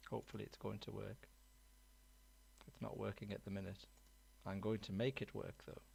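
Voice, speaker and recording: Gravelly man hosting a livestream. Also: on the low side, flat delivery, moderate pace, a little mellow. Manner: chatty, rambling with fillers and restarts. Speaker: livestream host. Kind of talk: casual live-stream hosting.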